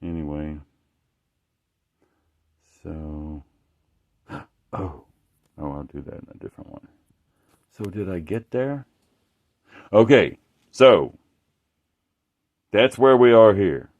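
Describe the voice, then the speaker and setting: A man with a somewhat low voice rambles through a casual monologue while showing off his artwork. He swears constantly and keeps breaking off and restarting his sentences. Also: highs cut off. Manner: profane, rambling, halting restarts. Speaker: artist showing his work.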